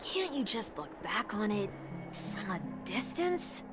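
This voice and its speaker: A woman's voice: medium pitch, very animated, takes it slowly. An actress voicing a blunt, sarcastic young woman companion who teases and challenges, with music behind. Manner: blunt and teasing. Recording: game audio with loud music behind.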